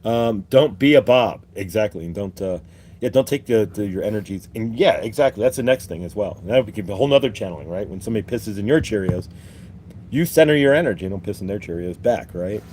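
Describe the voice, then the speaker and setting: A man who hosts a spiritual show, chatting casually after a channeling in a halting, hesitant way. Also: lowish voice, animated, darkish tone, slight background noise. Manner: halting, hesitant, with many fillers and restarts. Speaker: host and channeler. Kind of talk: casual chat.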